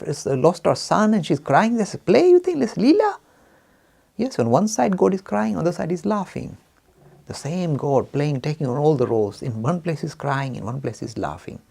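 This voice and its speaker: A man lectures in a lively, swooping voice that has a gravelly edge. His tone is mellow and a little husky. He poses rhetorical questions and plays out both voices of an imagined argument. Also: mid-range voice. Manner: asks rhetorical questions and acts out both sides of a dialogue. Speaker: lecturer on religion.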